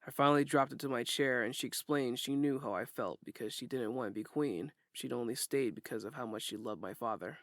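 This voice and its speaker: Guy reading a first-person audiobook, steady and plain, mid pitch, dry audio. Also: brisk, hardly any pauses, no echo. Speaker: narrator.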